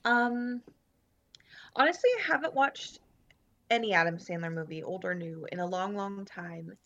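A woman's voice: on the low side, moderate pace, fairly bright tone, dull audio. A woman in a casual movie review chat, hesitant and dryly wry. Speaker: podcast co-host.

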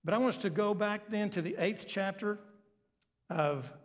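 A man preaches to his congregation, walking through a story and repeating key phrases for weight. His voice sits high for a man, and a long reverb trails each phrase as if from a large church hall. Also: moderate pace. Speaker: pastor. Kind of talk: sermon.

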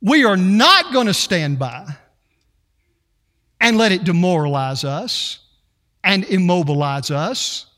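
High, animated preaching man in echoey hall. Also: takes it slowly, long pauses. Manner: animated preaching, voices quotes with attitude. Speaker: pastor. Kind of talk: sermon.

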